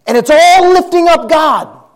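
A male pastor with a notably high voice, delivering a church sermon. He talks earnestly to his congregation and drops the odd dry, wry aside. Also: animated, unhurried, slight background noise.

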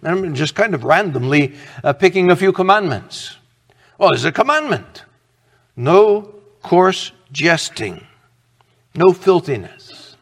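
Slow, earnest preaching man in a hall. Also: high voice, big pitch swings. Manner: earnest, conversational preaching with rhetorical questions. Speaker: pastor. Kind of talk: sermon.

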